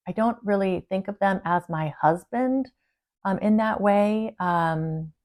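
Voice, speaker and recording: A woman's voice: fairly low pitch, a little mellow. A woman spiritual channeler talking to her viewers in an earnest, confiding and rambling way. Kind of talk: casual personal monologue to viewers.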